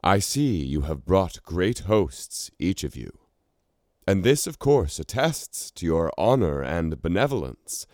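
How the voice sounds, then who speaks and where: A man's voice: deep voice, very animated, takes it slowly, a little mellow, dry recording, clean studio sound, voice pushed up, exaggerated voice. A man doing a formal, persuasive scribe king. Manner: formal, ceremonious speech. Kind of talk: storybook reading.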